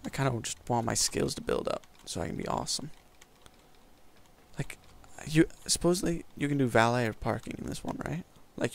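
A man's voice: mid-range voice, creaky. A young man giving casual, rambling let's-play commentary over a video game, joking and mocking himself as he plays. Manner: rambling, self-mocking, jokey. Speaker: gameplay commentator.

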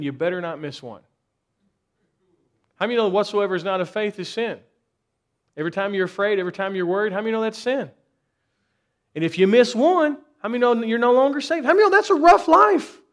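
A man preaching a sermon in a church, asking the congregation rhetorical questions and building up intensity in bursts. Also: a little high. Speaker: pastor.

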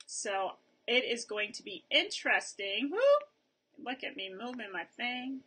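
A woman's voice: a little high, measured pace, pushed and bright, slight background noise. A woman hosting a casual video review of a snack, chatting while she tastes and chews on camera. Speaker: vlog host reviewing snacks.

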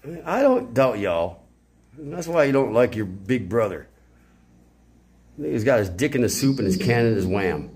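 A man's voice: medium pitch, lively intonation, moderate pace, pauses often, a little mellow. A man rambling in a casual monologue as a self-styled father of all creation, erratic and profane with sudden outbursts.

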